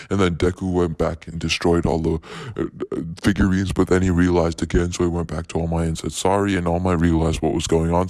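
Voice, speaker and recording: Low, flat-voiced male YouTuber. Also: no echo. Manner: rambling, repetitive run-on storytelling. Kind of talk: casual retelling of a fan parody.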